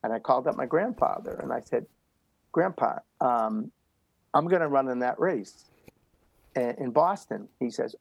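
Older male interview guest, gravelly and breathy, punchy repeated phrases. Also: medium pitch, animated, normal speed, pauses often, no echo. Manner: emphatic, repetitive motivational delivery. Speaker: guest runner. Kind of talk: storytelling interview.

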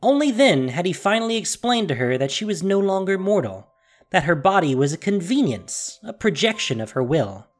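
A narrator reading a fantasy story aloud in an expressive, dramatic storytelling manner. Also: medium pitch, moderate pace. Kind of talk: scripted audiobook narration.

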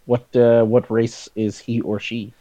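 A man's voice: mid-range voice, little pitch movement, a little slow, mellow, dry recording. A man playing a tabletop game, polite and hesitant. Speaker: player. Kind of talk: casual tabletop play.

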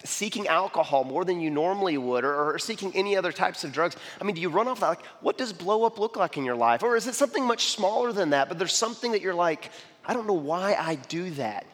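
A man giving a sermon-style talk with personal stories, animated, often asking "okay?" and restarting his sentences. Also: sits high, quick pace, long reverb tail. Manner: animated, repeats "okay?" and "I mean", frequent restarts.

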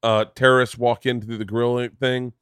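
A man's voice: mid-range voice, normal speed, clean tone, no echo, studio quality. A man hosting a podcast, telling stories in a casual, joking way, swearing freely and acting out voices. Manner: animated storyteller, swears freely, acts out voices. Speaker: podcast host. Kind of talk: casual comedic chat.

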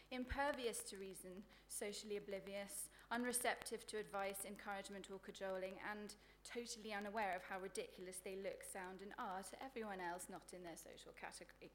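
A woman reads her own comic prose at a live book event, with a faint hiss behind her. Her delivery is sardonic and deadpan, and she lands crude insults with dry relish. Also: medium pitch, fairly quick, hardly any pauses. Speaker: author reading her work.

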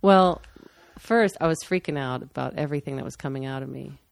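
A woman's voice: a bass voice, fairly quick, creaky, a crowd in the background. A woman telling a personal story candidly and matter-of-factly in casual conversation. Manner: candid, matter-of-fact, with restarts.

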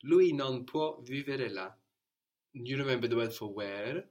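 A man's voice: mid-range voice, a little slow, darkish tone. A man teaching a language lesson step by step, patient and encouraging, spelling out words and praising answers.

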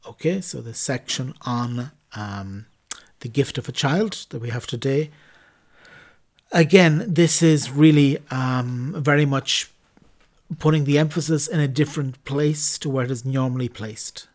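A man's voice: medium pitch, a little slow. A man hosting a podcast who reads a church teaching text aloud with a few slips and corrections, then explains it casually with many ums and restarts. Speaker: podcast host reading and explaining Catholic teaching. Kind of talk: reading a text aloud, then unscripted commentary.

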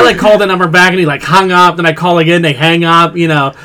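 A man's voice: on the high side, fast. A man co-hosting a casual pop culture chat show, telling stories animatedly and acting out the voices in them. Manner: animated storyteller, acts out quotes, swears freely. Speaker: podcast co-host.

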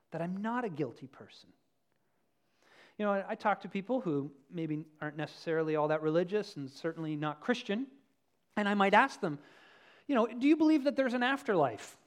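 A pastor preaching a sermon in an animated way, acting out stories and swinging between loud and hushed delivery. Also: medium pitch.

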